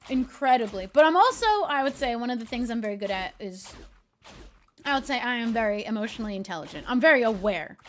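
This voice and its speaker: A young woman streamer chatting casually with her viewers, laughing often and talking in a deadpan way. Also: a little high, slight background noise. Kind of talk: casual chat.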